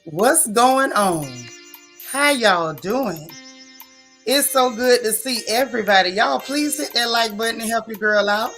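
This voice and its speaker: A woman with a fairly high voice hosts a casual live stream, chatting loosely and greeting viewers one by one. She talks in a relaxed, friendly run of "y'all" and "child", with soft music faint behind her. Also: a little slow. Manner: chatty, Southern-tinged African American vernacular, frequent "child" and "y'all". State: out of breath. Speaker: live-stream gossip host.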